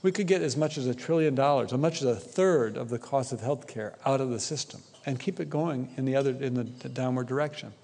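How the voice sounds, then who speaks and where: A man's voice: mid-range voice, brisk, few pauses, a little mellow. A man giving a conversational conference talk, often tagging his points with a question to the audience. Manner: conversational, keeps asking "right?". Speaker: conference speaker. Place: conference hall. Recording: echoey conference hall.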